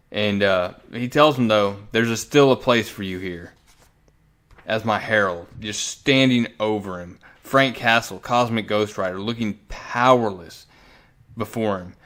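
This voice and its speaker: Man animatedly recapping a comic. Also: medium pitch. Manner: animated storytelling with frequent restarts. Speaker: comic book reviewer. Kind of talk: casual comic book recap.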